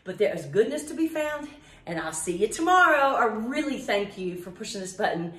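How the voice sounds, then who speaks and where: A woman's voice: mid-range voice, big pitch swings, a little fast, fairly bright tone, reverberant, recorded from a distance. A woman fitness instructor leading a home workout class, counting reps in a playful sing-song way with cheerful asides, out of breath.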